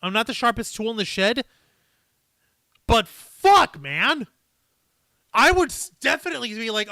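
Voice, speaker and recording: A man hosting a live stream, chatting casually and reading viewer comments in a profane, rambling, animated way. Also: very high voice, measured pace, pauses often, no room sound.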